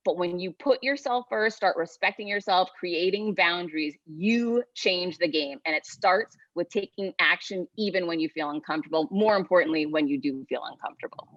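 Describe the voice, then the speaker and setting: A woman guest on a podcast interview, speaking in an emphatic, energetic, motivational way. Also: fairly low pitch, moderate pace, few pauses, dry recording. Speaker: guest author. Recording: dull lo-fi sound, dry.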